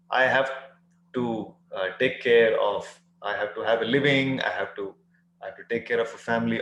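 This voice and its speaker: A man's voice: mid-range voice, fairly bright tone, a little hiss or hum. Earnest man teaching scripture, echoey room. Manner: earnest, frequent "uh" pauses, emphatic rising phrases. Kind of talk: devotional scripture talk.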